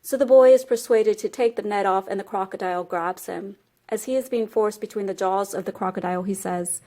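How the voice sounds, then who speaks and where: A woman reading a spiritual text aloud, telling a fable in a measured storytelling manner. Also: mid-range voice, steady tone, mellow. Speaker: reader.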